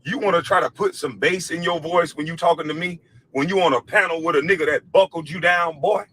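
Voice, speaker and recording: A man's voice: on the high side, a little fast, fairly bright tone, slight background noise, rough recording. A former basketball player in a heated, scornful rant, taunting the man he is addressing. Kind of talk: angry rant.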